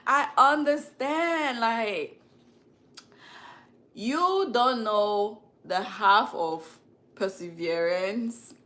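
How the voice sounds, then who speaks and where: A woman's voice: medium pitch, expressive, drawn-out words, pauses often, a bit bright. A woman hosting a casual beauty chat, reading comments and gossiping with frequent laughter. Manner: chatty, laughs often, gossipy. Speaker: beauty channel host.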